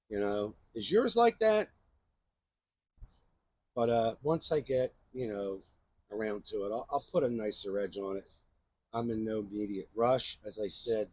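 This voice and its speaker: A man's voice: on the low side, a little mellow, slightly rough, no echo. A man hosting a knife channel, chatting casually in a rambling show-and-tell review and often asking "right?".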